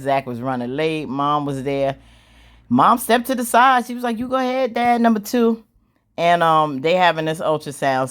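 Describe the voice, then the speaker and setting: A woman casually recapping a TV drama episode, animated and slangy, acting out the characters' lines. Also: a bass voice. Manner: animated, slangy storytelling with squealing acted-out quotes and laughs. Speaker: show recap host.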